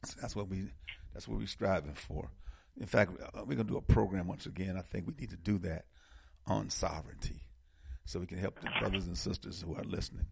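A man's voice: sits low, brisk, vocal fry, a little hiss or hum. A man hosting a casual political talk show, speaking with passion and often repeating words as he builds momentum. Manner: impassioned, repeats words when fired up.

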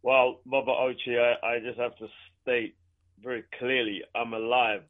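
A male caller comes through a tinny, phone-like line. His voice stays level and flat in pitch, and he speaks in a measured way, often pausing on fillers. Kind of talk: phone-in call.

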